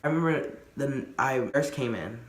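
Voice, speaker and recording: A man's voice: medium pitch, lively intonation, moderate pace, reverberant. A man telling a casual storytime, rambling with lots of fillers and restarts. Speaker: vlogger.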